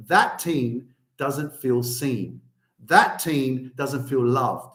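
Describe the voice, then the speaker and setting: A man in his thirties, a motivational coach, talking casually with lots of swearing, going from quiet storytelling to loud emphatic bursts. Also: mid-range voice, drawn-out words, echoey room. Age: 30s. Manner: profane, emphatic, swings between soft and loud. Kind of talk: casual monologue.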